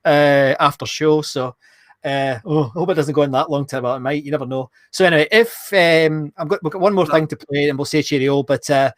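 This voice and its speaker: A man's voice: fairly high pitch, a little fast, no echo, studio quality. A man co-hosting a live online show, chatting casually, reading out viewer comments and laughing often.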